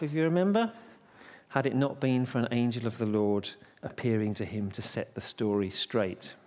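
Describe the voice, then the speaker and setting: Playful preacher in a reverberant church. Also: male voice, medium pitch, darkish tone. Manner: playful, pun-telling, conversational. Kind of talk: sermon with jokes.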